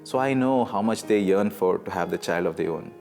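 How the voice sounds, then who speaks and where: A man tells his personal faith testimony in a fairly low voice, earnest and often restarting his sentences. His voice rings with a long reverb, as if in a large hall, and faint guitar plays underneath. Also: creaky, a little mellow. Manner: earnest storytelling with halting restarts. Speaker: testimony speaker.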